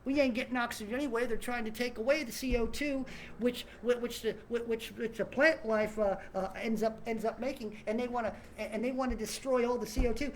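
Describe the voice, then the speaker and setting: A man's voice: very high voice, fairly even intonation, brisk, a little hiss or hum. A man in an angry, swearing political rant who keeps stumbling over and repeating words. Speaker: online commentator.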